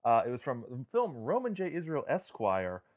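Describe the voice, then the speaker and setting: A man of middle pitch hosts a relaxed film podcast. He stumbles through fillers and restarts, laughing as he retells his favourite lines. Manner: halting, many fillers and restarts, laughs while telling jokes. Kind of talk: casual film chat.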